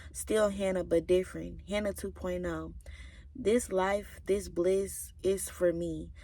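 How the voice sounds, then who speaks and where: A woman in her twenties vlogs casually, reading through her old journals in a fairly low, mellow voice that stays steady and slow, with no echo. She's emotional and confiding, says "like" a lot, and turns tearful at times.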